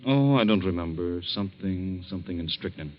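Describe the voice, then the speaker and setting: An actor playing a smooth, scheming husband, speaking in a casual, evasive way in a 1940s radio drama. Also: male voice, sits low, lively intonation, fairly quick. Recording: dull old radio recording.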